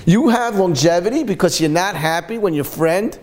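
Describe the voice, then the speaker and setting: A man's voice: sits high, lively intonation, moderate pace, darkish tone. A man giving a storytelling sermon as a Torah speaker, impassioned and full of repeated rhetorical questions.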